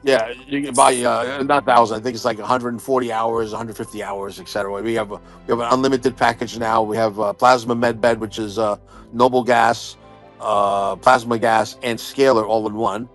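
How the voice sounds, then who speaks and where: A man hosts a casual podcast, brash and profane, rambling through his points with lots of "uh" and "you know." His voice sits at a middle pitch. Faint music plays underneath. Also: steady tone, moderate pace. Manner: loud, profane, boastful, rambling with many fillers. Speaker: podcast host. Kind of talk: casual chat.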